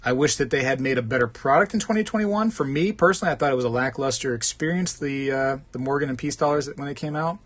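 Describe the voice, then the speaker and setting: A man hosts a live stream in a loose, conversational way, reading viewer comments aloud and answering them one by one. He jokes around and calls people "man" often. His voice sits at an ordinary middle pitch. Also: fast, few pauses, fairly bright tone. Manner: chatty and joking, says "man" often. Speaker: host of a live coin collecting stream.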